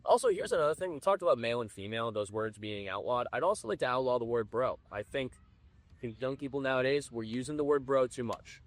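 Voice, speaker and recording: A man with a New England accent hosting a comedic podcast, talking loudly and breaking into announcer-style shouts. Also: medium pitch, fast, dry recording. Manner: loud, animated, bursts into announcer-style shouts. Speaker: podcast host.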